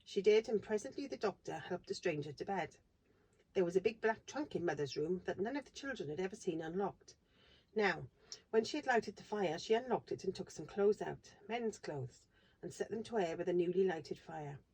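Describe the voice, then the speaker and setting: Woman, storybook read-aloud, expressive, low-pitched, husky. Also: moderate pace. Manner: steady, expressive reading. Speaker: reader.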